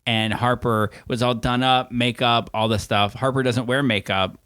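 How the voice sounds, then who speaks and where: A man co-hosts a casual podcast, often answering with a quick "yeah" before adding his own point. His voice sits in a middle range and sounds dry and close. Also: mid-range voice, steady tone, a bit bright, clean tone, no echo. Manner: quick agreeing interjections and chuckles. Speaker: podcast co-host. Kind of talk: casual chat.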